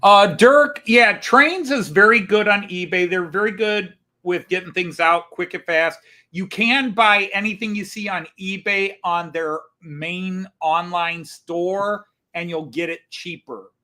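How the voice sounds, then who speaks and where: Joking bright-toned man co-host. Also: high-pitched, unhurried, few pauses. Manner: joking, chatty. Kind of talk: casual live-stream banter.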